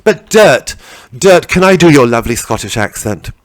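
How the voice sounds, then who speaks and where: On a festival comedy stage, a man does stand-up character comedy as a vain, scatterbrained female celebrity comedian, gushing and rambling self-absorbedly about herself. His medium-pitched voice is sing-song and close to everyday speech, delivered at normal speed in a dry, rough recording.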